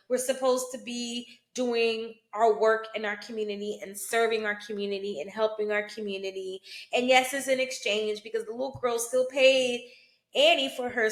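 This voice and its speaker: A fairly high-voiced woman talks through a film in a relaxed, conversational way, often tossing in "you know" and "right?". She speaks as a root worker. Her voice rings off the walls of an echoey room. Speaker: hoodoo root worker and vlogger. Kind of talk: casual film commentary.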